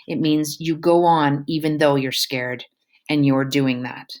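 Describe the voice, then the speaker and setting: A woman's voice: low-pitched, little pitch movement, unhurried, a little mellow. A woman reading the lines of a loving mother, tender and encouraging.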